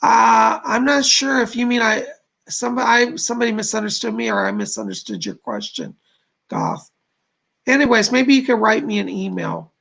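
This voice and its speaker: A man's voice: extremely high pitch, lively intonation, moderate pace, creaky, sharp tone. A man hosting a live stream as a psychic medium, chatting with viewers and relaying messages with many "she said" asides.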